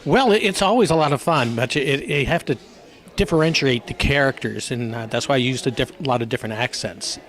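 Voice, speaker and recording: A man's voice: mid-range voice, a little fast, fairly bright tone. A man, a stage actor, answering interview questions in a rambling, hesitant way. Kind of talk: casual interview.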